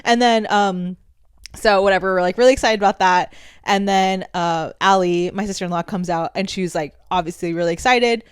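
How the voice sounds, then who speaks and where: A woman's voice: mid-range voice, fairly quick, clean tone, no room sound, clean studio sound. A young woman co-hosting a podcast, telling a story in casual chat and laughing often as she acts out what others said. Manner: giggly storyteller, animated quoting of others. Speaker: podcast co-host.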